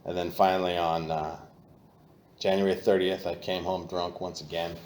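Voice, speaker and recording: Low-voiced man telling his recovery story. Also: flat delivery, normal speed, reverberant, slight background noise. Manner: candid and profane, flares loud when reenacting. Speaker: AA meeting speaker. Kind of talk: personal recovery talk. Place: meeting room.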